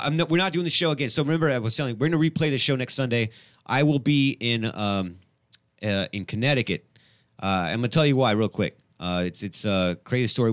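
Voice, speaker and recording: Rambling excitable radio host man. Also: on the low side, dry recording, clean studio sound. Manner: rambling, excitable, many fillers and restarts. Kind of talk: casual live radio chat.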